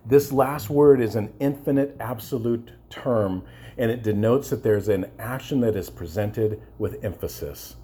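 A man's voice: mid-range voice, unhurried, dark tone, breathy edge. A man preaching a sermon with passion, often repeating words and asking his listeners for agreement. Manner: passionate, repeats words and restarts, asks the congregation "amen?". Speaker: pastor.

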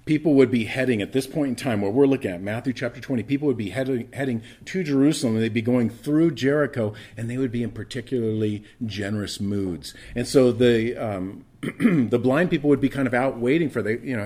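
A man preaching a morning sermon as pastor, swinging from loud emphatic lines to hushed asides and often repeating words as he restarts. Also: mid-range voice, fairly quick.

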